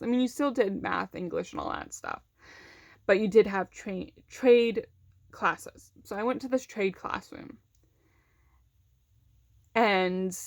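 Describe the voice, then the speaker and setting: A young woman with a high-ish, gravelly voice casually recounts a personal story, heavy on fillers, acting out other people's lines as she quotes them. The recording is dry.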